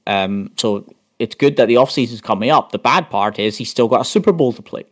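A man's voice: mid-range voice, lively intonation, fairly quick. A man on a sports podcast, chatting casually and rambling through game stats with many restarts. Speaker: podcast panelist.

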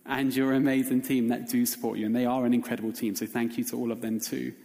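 A man's voice: medium pitch, flat delivery, quick pace, creaky, warm tone. A man preaching a sermon as pastor, earnest and emphatic, repeating phrases as he builds his point. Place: church hall. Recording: reverberant church hall.

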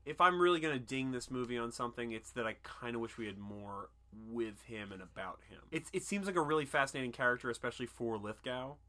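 A man's voice: medium pitch, fast talker, few pauses, bright, forceful tone. A man co-hosting a podcast in casual chat, joking and swearing freely as he discusses a film. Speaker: podcast co-host.

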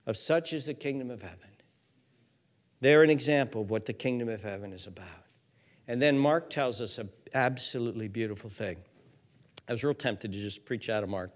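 A man's voice: mid-range voice, very animated, normal speed. A man preaching a sermon as pastor, emphatic, repeating words and building lists of words that rise as he goes.

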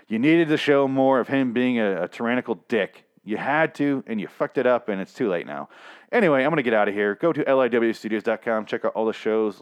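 A man's voice: on the low side, smooth. A young man hosting a show, giving a casual, rambling recap and rant full of swearing and restarts. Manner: profane, rambling, self-interrupting. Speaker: podcast host.

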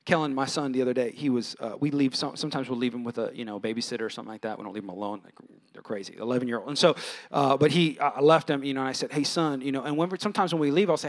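A man in his thirties or forties preaching a sermon, animated, acting out voices with big swings in pitch. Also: very fast. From California. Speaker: pastor.

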